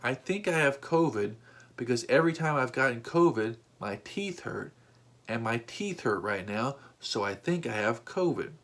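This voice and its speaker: A man imitating a calm, nonchalant man who shrugs off being sick, in a flat, unbothered tone. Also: a little high, fairly quick, hardly any pauses.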